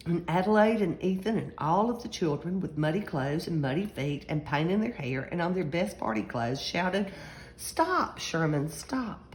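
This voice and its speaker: Lively woman reading a picture book. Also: fairly low pitch, normal speed, few pauses, a little hiss or hum, poor audio. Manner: animated, acting out shrieks and shouts of the characters. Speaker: storyteller.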